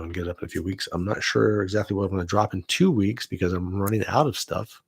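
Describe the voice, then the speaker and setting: Man, low husky voice, dry close sound, loose rambling vlog talk, cusses a lot. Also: no echo. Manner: loose and enthusiastic, swears freely. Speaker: vlog host, film student. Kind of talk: casual rambling chat.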